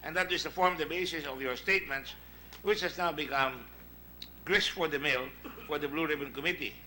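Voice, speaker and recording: A man's voice: a little high, brisk, sharp tone, a little hiss or hum, low-quality recording. A man with a Filipino accent chairing a senate hearing, questioning witnesses emphatically and wandering into asides. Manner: emphatic, digressive, reads out past exchanges.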